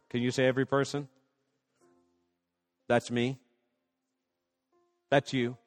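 A man's voice: mid-range voice, level tone, slow, pauses often, long reverb tail, soft background music. A man preaching a sermon as pastor, passionate, acting out prayers and little dialogues.

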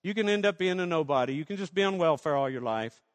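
A man voicing a soothing coddler who excuses everything, in a soft, drawn-out, pitying way, with a long echo from a church hall. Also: a little high, lively intonation, close to an everyday voice.

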